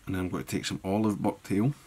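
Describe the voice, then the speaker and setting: A man giving a relaxed step-by-step fly-tying tutorial, thinking aloud as he works. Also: low voice, fast, husky.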